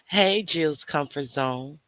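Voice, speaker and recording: A man hosts a casual livestream in a bright, forceful voice pitched a little high. He talks slowly and playfully, teasing his viewers and breaking into bits of song. The sound is dry and close. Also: dry recording. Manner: reads out chat names. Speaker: livestream host.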